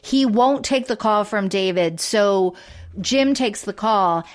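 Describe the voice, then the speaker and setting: A woman's voice: mid-range voice, slow. A woman co-hosting a podcast, casually recapping a sitcom episode in a chatty, meandering way full of "like" and quoted asides. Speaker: podcast co-host.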